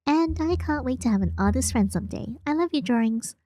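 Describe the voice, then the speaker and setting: Brief: woman playing a bold, loyal little girl, firm and insistent, high mellow voice. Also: expressive, fairly quick, a little hiss or hum. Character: stubborn, confident young girl, loyal friend.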